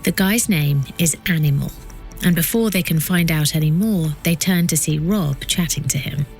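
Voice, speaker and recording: A woman narrating a documentary podcast from a script, with a measured delivery that builds suspense. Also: low-pitched, darkish tone, soft background music.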